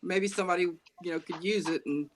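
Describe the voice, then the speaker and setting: A woman's voice: lowish voice, a little fast, a little hiss or hum. Middle-aged woman guest, easygoing, chuckles between remarks, on a video call. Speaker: panel guest. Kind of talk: casual chat.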